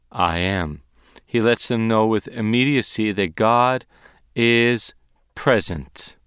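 Man, bible teacher, earnest and emphatic, smooth clear voice, dry close sound. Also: on the low side, no room sound. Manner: earnest, emphatic, repeats verses in English and Hebrew. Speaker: ministry teacher.

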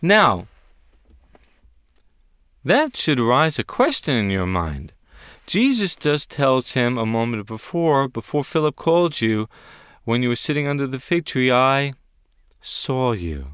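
Male Bible teacher, emphatic and questioning, very animated delivery, dry sound. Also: medium pitch, slow, pauses often, clean tone, no room sound. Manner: emphatic, questioning the listeners, stressing key words.

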